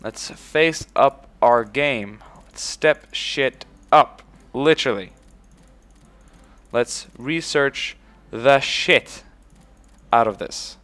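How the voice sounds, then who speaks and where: A man in the middle of a let's play, chatting loosely over his game. His voice sits at a plain middle pitch. He swears freely, barks orders at his units, and punctuates them with loud "boom"s. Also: takes it slowly. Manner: excitable, swears casually, shouts "boom" when giving orders; talks to in-game units as if they were his troops. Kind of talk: casual gameplay commentary.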